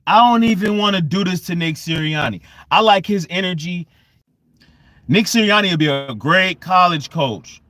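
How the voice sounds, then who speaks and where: A man venting on a live sports fan stream, exasperated and repeating himself, jumping from loud outbursts to low mutters. His voice sits high, and he drags out his words at an unhurried pace. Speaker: sports fan channel host.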